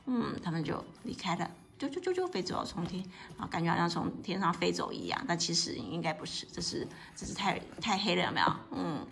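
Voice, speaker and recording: A woman reading a picture book aloud to a child, explaining the pictures in a lively way, often laughing and asking questions. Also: fairly low pitch, fairly quick, creaky, hardly any pauses. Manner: lively, asks a child questions, mixes in English.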